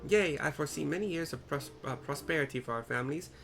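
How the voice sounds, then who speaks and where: A man's voice: fairly high pitch, fast talker, creaky, fairly bright tone, faint music behind. A man voicing a pompous, boastful older male merchant with a jovial, blustering manner.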